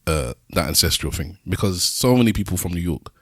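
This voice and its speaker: A man's voice: sits low, expressive, brisk, fairly bright tone, husky, dry recording, clean studio sound. A man co-hosting a podcast, musing in easygoing casual chat. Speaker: podcast co-host.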